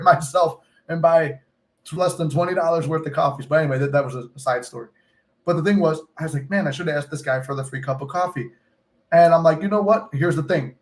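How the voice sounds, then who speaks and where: A young man who coaches on manifesting tells a rambling story, loose, swearing freely, full of fillers and asides. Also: on the high side. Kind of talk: casual storytelling monologue.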